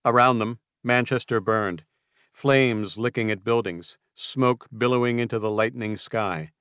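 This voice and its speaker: Guy narrating an audiobook, smooth and resonant, dry close sound, measured. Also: medium pitch, fairly bright tone, no room sound. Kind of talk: scripted narration.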